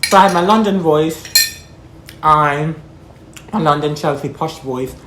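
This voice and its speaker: A woman's voice: sits low, unhurried, reverberant, background noise. A woman from Jamaica with a Jamaican accent, talking frankly and rambling to her viewers in a casual vlog. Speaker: vlogger. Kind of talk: casual talk to camera.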